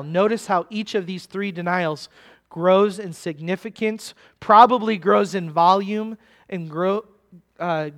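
High-voiced male preacher. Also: a bit bright. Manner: conversational, asks the listeners questions. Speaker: pastor. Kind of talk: expository sermon.

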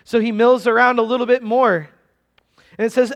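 A man's voice: very high-pitched, fairly even intonation, normal speed. A man preaching a conversational sermon that walks through a text verse by verse and keeps asking his listeners questions. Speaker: pastor. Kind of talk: expository sermon.

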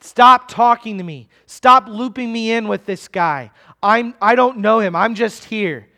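A man's voice: sits high, a little slow, exaggerated voice. A man preaching acts out a panicked man angrily swearing he knows nothing, his voice raised and insistent. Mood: desperate. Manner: forceful, louder and more insistent.

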